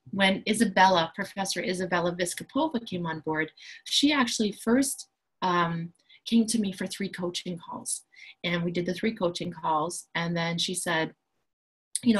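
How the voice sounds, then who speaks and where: Woman coach, husky breathy tone, enthusiastic, confident, chatty promo talk. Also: on the low side, a bit bright, low-quality recording. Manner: enthusiastic, self-assured, chatty with frequent "like". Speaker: empowerment coach and school founder.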